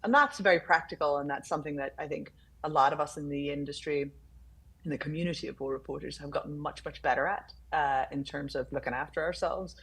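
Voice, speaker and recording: A woman's voice: sits low, quick pace, breathy edge. A woman from Ireland with an accent mixing Irish, British and transatlantic sounds, talking candidly as a guest over a video call. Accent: mixed Irish, British and transatlantic. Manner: candid and animated, with fillers and restarts. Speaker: war reporter and author guest. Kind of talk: conversational interview.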